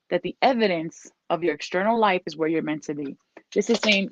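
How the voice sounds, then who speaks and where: Reading tarot in a relaxed way, this woman offers encouragement, repeats herself, and now and then interrupts herself to tell off her dog. She speaks fast in a fairly low voice, captured in a dull, dry lo-fi recording.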